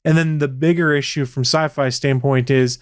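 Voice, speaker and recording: A man's voice: medium pitch, fairly even intonation, normal speed, no room sound. A man co-hosting a podcast, talking casually with wry, dry humor. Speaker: podcast co-host. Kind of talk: casual chat.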